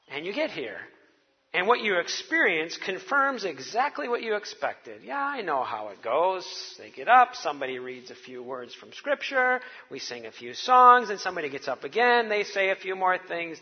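A man's voice: high-pitched, breathy edge, in a large hall, dull audio. A man preaching a sermon to his congregation, telling it like a wry, conversational story. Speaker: pastor.

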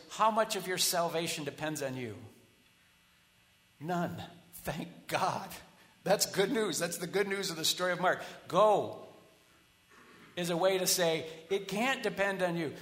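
A man preaching a sermon as pastor, talking casually, with quiet asides and loud rallying builds. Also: sits high. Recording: long hall reverb.

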